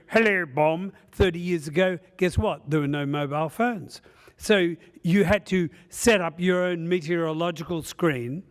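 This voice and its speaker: A man giving a conference presentation, joking and rambling with many "uh" fillers. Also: on the high side. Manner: humorous, rambling storyteller with frequent "uh" fillers. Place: conference session room.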